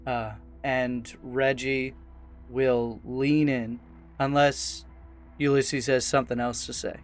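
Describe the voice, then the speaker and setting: A man's voice: medium pitch, level tone, a little slow, faint music behind. A man playing a tabletop role-playing game, describing his character's actions in a casual, hesitant way. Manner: casual, hesitant, lots of fillers. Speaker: player.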